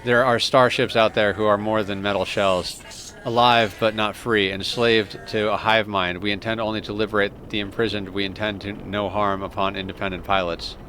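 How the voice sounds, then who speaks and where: A man reading the lines of a calm, formal alien machine lifeform in a video game, in a stiff, deliberate way. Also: fairly low pitch, close to an everyday voice. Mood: apologetic. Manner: reads game dialogue aloud, stiff and deliberate.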